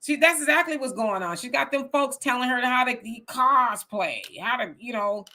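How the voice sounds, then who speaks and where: A woman hosts a casual live stream, reading viewer comments aloud one after another. Her voice is bright and forward, and her delivery is animated, with frequent laughter. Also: sits high, moderate pace. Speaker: host reading live chat.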